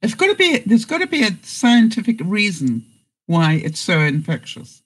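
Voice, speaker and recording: A woman's voice: mid-range voice, sing-song, normal speed, slightly rough, rough recording. A woman hosting a casual live stream, reading out jokes and viewer comments and laughing often.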